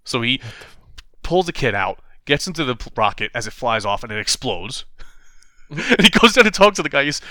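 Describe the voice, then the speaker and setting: A man's voice: medium pitch, normal speed, no room sound, studio quality. A man casually retelling a comic story to a friend, laughing often and acting out the lines. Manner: animated storytelling, laughs often, acts out quotes. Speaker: podcast co-host recapping a comic. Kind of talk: casual chat.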